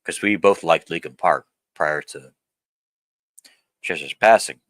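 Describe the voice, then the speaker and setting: A man's voice: sits low, unhurried, fairly bright tone, dry recording. A man in his thirties talking to camera in a blunt, profane vlog rant that rambles and restarts. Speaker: vlogger. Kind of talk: candid personal vlog rant.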